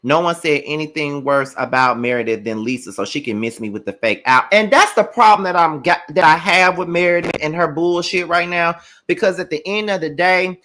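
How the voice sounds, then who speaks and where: A man hosts a reality TV review and rants heatedly, swearing a lot and speaking directly to his viewers. His voice sits on the high side, fairly quick with hardly any pauses, and it comes across bright and forceful.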